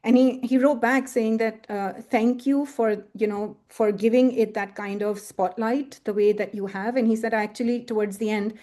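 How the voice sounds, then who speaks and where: Woman researcher, webinar talk, warm mellow voice, conversational with fillers. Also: on the high side, fairly even intonation, moderate pace, hardly any pauses. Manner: conversational, retelling an interviewee's story with many fillers. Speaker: researcher presenting her thesis. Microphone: webinar computer mic.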